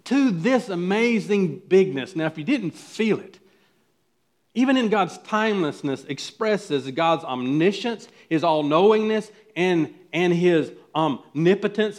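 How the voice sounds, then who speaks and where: A pastor preaching a sermon, swinging from quiet, hushed statements to loud, pleading questions to the congregation. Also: male voice, on the high side.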